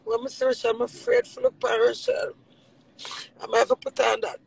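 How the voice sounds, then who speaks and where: A woman's voice: very high-pitched, sing-song, a little fast, vocal fry, rough recording. A woman with a Jamaican accent giving a rambling, emotional personal monologue with frequent swearing. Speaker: reality TV personality.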